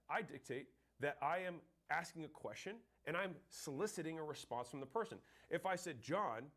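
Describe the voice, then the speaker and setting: A man who trains salespeople, teaching in a blunt, emphatic way and swearing casually. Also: on the high side. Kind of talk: instructional talk to camera.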